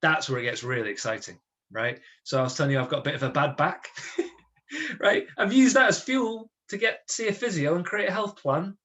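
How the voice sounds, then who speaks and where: A man giving a motivational webinar to an online audience, chatty and energetic, often checking in with his listeners. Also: a little high, brisk. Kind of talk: lively talk to an online audience.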